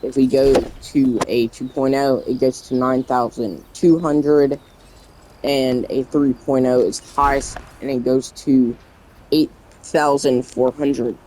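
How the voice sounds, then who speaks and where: A man talking through a casual game tutorial at an unhurried, slow pace. He reads the on-screen text aloud haltingly, stumbling over words, and his voice sounds worn as if he is losing it. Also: medium pitch, steady tone, warm tone, slight background noise, low-quality recording. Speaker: gaming channel creator.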